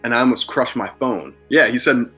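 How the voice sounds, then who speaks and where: Brisk and forceful, this mid-range male voice has a bright tone and a breathy edge, with faint music in the background. He's a thirtysomething from Philadelphia, USA, guesting on a podcast, where he tells candid, rambling stories laced with swearing.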